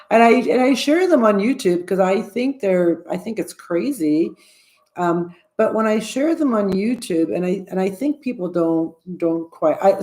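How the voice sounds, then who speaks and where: A woman in her sixties talks to camera in a casual, earnest YouTube vlog, rambling and often restarting or circling back mid-sentence. Her voice is mid-range with a dark tone.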